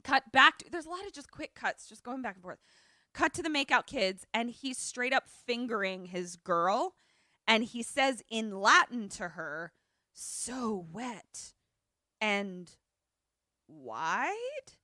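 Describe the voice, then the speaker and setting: Bright-voiced woman recapping a movie. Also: a little high, moderate pace, no echo, clean studio sound. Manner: animated retelling, acts out quoted lines. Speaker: podcast co-host. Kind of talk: casual movie recap chat.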